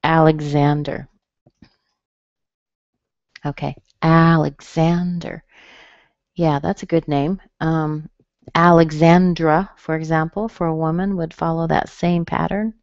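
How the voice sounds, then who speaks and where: Low-voiced woman teaching pronunciation. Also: steady tone, a little mellow, no room sound. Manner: slow, careful, over-enunciated demonstrations of stress. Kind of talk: webinar lesson. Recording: dull, dry webinar audio.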